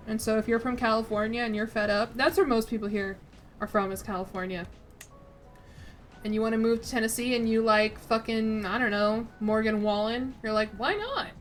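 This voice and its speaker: Young woman, streamer chatting, rambly, faint game music behind. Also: fairly high pitch. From Chicago, United States. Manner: chatty, rambling, quick to laugh. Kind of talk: casual chat while streaming.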